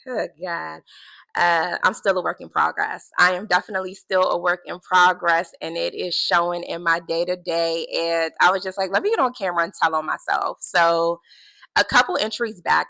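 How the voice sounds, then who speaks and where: A woman speaks straight to camera in a relaxed faith vlog, with a bright, ringing voice. She talks earnestly and with animation, repeating words to stress them. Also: fairly low pitch, moderate pace, gravelly, low-quality recording. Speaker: vlogger keeping a video journal.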